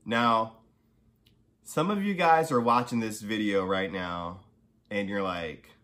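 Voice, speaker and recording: A man's voice: fairly low pitch, takes it slowly, fairly bright tone. A man hosting a podcast, telling a personal story in a casual, conversational way, full of asides, getting heated when angry. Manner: conversational, many "you know" and "right?" asides. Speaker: podcast host.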